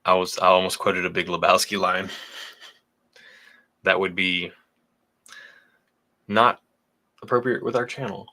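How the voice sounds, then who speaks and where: Bright-voiced, low-pitched man chatting casually. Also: steady tone, measured pace, pauses often. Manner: laid-back, joking, chatty. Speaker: whiskey channel co-host. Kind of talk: casual livestream chat reading donations.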